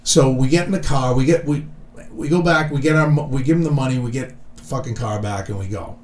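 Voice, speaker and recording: A man's voice: mid-range voice, fairly quick, recorded from a distance, slight background noise. A middle-aged man telling a profane story in casual chat, acting out what people said. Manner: animated, swears freely, acts out quotes. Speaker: podcast co-host. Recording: echoey room.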